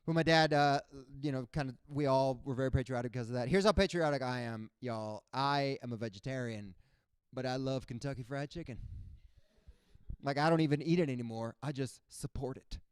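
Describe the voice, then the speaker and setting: A young man from Cuba doing a stand-up comedy set, animated and jumping into high character voices. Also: fairly quick, smooth, dry recording.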